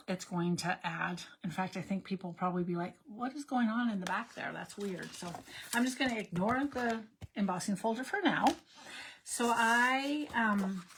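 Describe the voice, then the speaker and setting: A woman's voice: medium pitch, husky. A woman hosting a card-making livestream, thinking aloud in a loose, meandering way. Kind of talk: casual crafting livestream chat.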